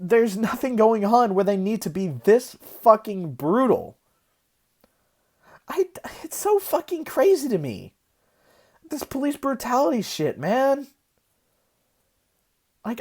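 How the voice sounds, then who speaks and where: Young woman ranting, swinging pitch. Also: very animated, measured pace, long pauses, a little mellow. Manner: profane, agitated, rambling. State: worked up, hysterical. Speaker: vlogger. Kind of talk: heated casual rant. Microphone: phone.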